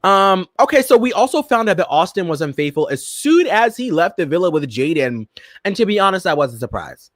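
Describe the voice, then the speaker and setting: Man, campy podcast host, sassy gossip, lively swooping pitch, slightly high voice, dry close sound. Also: a little fast, dry recording. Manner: sassy, campy, animated, addresses listeners as "girl" and "Miss Thing". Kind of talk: casual pop-culture commentary.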